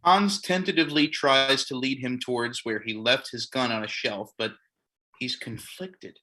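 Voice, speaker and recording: Guy reading stage directions for a comedy play, super bright tense voice, deadpan asides. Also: medium pitch, a little slow.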